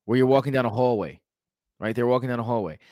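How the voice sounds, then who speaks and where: A man's voice: mid-range voice, quick pace, a little mellow, no echo. Male co-host, casual slang-heavy chatter, rambling, dry close sound. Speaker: podcast co-host. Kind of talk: casual chat.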